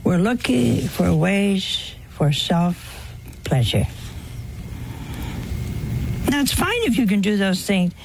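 Slow, gravelly woman preaching. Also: medium pitch, very animated, background noise. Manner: folksy, humorous, acts out dialogue. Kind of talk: sermon to a live audience.

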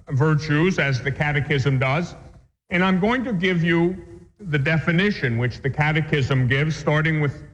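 Priest teaching catechism in a reverberant hall. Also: male voice, on the high side. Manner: earnest, measured teaching with homely examples. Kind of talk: spoken catechism lesson. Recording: muffled recording with long hall reverb.

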